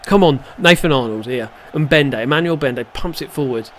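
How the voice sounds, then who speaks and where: A man giving live, excitable gameplay commentary, shouting at the match and muttering in between. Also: mid-range voice, moderate pace, slight background noise. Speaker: gaming channel host.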